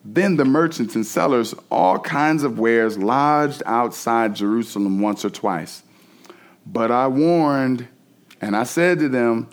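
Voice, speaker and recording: A man's voice: mid-range voice, slow pace. A man preaching a sermon as pastor, reading scripture and then speaking animatedly, restarting phrases and acting out quotes.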